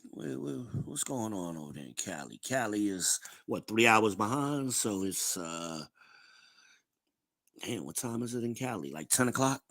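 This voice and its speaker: A man's voice: lowish voice, lively intonation, a little slow, fairly bright tone. A man hosting a podcast livestream, chatting casually, reading out comments and laughing often. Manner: chatty, reads chat aloud, laughs often. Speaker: podcast host.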